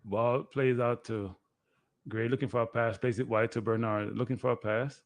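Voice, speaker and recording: A man, a guest analyst giving excitable live play-by-play commentary on a match he is watching. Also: mid-range voice, normal speed, dry recording. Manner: excitable, play-by-play that bursts into shouting.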